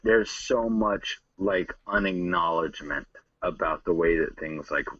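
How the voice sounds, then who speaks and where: Man, podcast co-host, rambling profane talk, husky voice, distant dull recording. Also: sits low, a little slow, a bit bright, no room sound. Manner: rambling, profane, trailing asides. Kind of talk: casual crude podcast chat.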